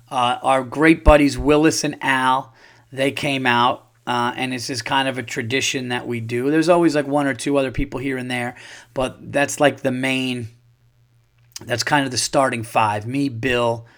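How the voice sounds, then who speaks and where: Man, podcast host, casual storytelling, profane, animated, mid-pitched voice. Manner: profane, animated storyteller acting out his own quotes.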